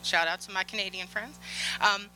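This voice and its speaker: A woman giving a conference keynote, telling work stories in a lively way, acting out the dialogue and laughing often. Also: medium pitch, normal speed, soft background music, low-quality recording. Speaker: conference speaker on security. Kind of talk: keynote storytelling. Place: conference stage.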